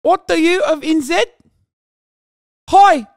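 A rowdy, belligerent New Zealand bloke with a thick mock Kiwi accent, as a man puts him on. He shouts the same taunting questions again and again, high-pitched and loud. The voice sits close and dry against the mic. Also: slow pace, vocal fry, dry recording, heavily acted.

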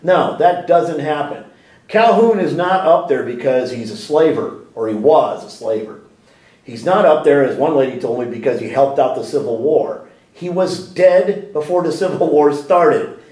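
A man in a sit-down interview, talking with lots of energy, restarting his sentences and tossing out rhetorical questions. His voice sits a little high. It echoes around a library room because the mic is some distance away. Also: moderate pace. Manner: animated and talkative, with frequent restarts and rhetorical questions. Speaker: interview guest.

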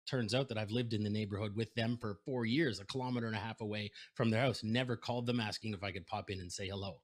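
A man on stage telling a story with lots of energy, jumping between characters and pitching his voice up to act out each side of a conversation. His voice sits in the middle range for a man. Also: racing, few pauses. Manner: animated storyteller, acts out both sides of phone calls. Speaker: keynote speaker. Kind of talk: storytelling keynote speech.

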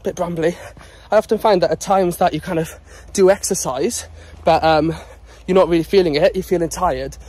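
A man's voice: high voice, fairly even intonation, moderate pace, hardly any pauses, a little mellow. A man vlogging on a dog walk, rambling casually and a bit out of breath as he jogs. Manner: rambling, chatty, talking while jogging. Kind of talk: casual vlog chat.

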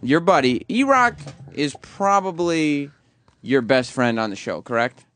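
A man hosting a casual radio talk segment, questioning staff in quick bursts. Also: a little high, expressive, a bit bright. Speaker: host.

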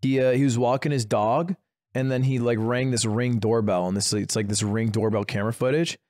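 A man's voice: mid-range voice, fairly even intonation, brisk, a little mellow, dry recording, clean studio sound. A young man co-hosting a casual podcast, rambling through stories and acting out the voices of the people in them. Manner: rambling storyteller, acts out quoted voices. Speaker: podcast co-host. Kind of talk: casual chat.

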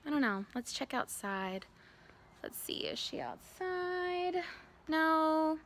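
High, bubbly teacher. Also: female voice, takes it slowly, slight background noise. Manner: animated, exaggerated gasps and cheering. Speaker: kindergarten teacher. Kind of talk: sing-song lesson for young children. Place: outdoors on a farm.

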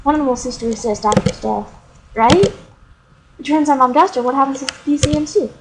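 A woman's voice: high voice, fairly even intonation, a little fast. A woman doing casual let's play commentary, reading the game's dialogue aloud with playful asides. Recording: noisy home recording.

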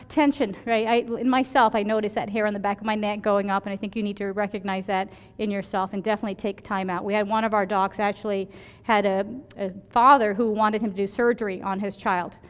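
A woman's voice: mid-range voice, clean tone, in a large hall. A woman emergency physician giving a conference lecture, telling stories from her work and often checking in with "right?". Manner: chatty, storytelling, keeps asking "right?".

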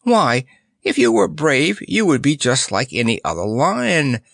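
Male narrator doing a wheezy, easygoing storybook camel, high and unhurried. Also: vocal fry, no echo, studio quality, full character voice. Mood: affectionate. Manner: fond, relaxed.

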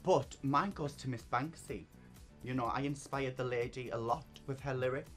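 A man's voice: medium pitch, moderate pace, soft background music. A man who performs in drag, chatting casually as an interview guest, bubbly and often laughing. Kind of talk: casual chat.

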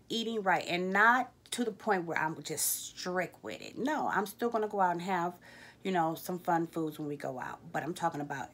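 A woman, telling a candid personal story to her vlog viewers, jumping up high when she acts out her own reactions. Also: fairly bright tone. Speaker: vlogger.

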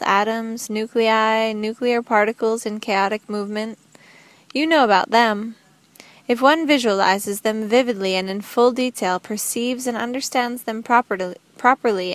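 A woman reading the lines of a calm, gentle young woman in an audiobook, speaking earnestly and evenly. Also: fairly high pitch, dry recording.

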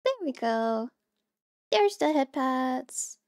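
High-pitched bubbly woman streamer, slightly hoarse. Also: a little slow, darkish tone, no echo. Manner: bubbly, greets viewers by name. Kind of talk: casual livestream chat.

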